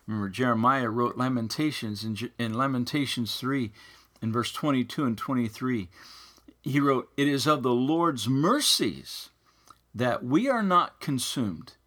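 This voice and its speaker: A man preaching a sermon in a slow, earnest way, his pitch rising and falling widely. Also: creaky, fairly bright tone, slightly rough.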